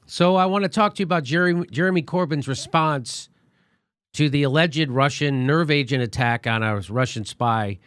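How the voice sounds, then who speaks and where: A man hosting a political commentary show, sarcastic and loose, his voice sitting a little high for a man. He rambles casually, and the sound is dry and close with no room around it. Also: normal speed, a bit bright, clear, resonant tone, no room sound. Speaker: comedian host.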